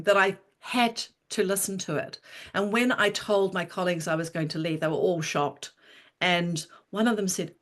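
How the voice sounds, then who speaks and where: Here's a woman in her sixties, a writer on an interview show, and she tells her story with real animation, laughing often along the way. Her voice sits a bit low for a woman. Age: 60s. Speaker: guest, writer.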